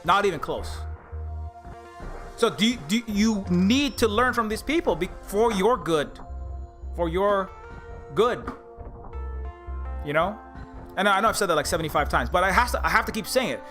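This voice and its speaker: A man's voice: sits high, a bit bright. A man streaming live and ranting in a heated, profane way, repeating his points with many fillers. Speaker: streamer and indie game developer. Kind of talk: livestream rant.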